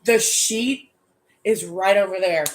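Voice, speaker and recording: A woman casually recapping a tabletop horror game, animated and swearing freely. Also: medium pitch, slow pace, roomy sound, a little hiss or hum.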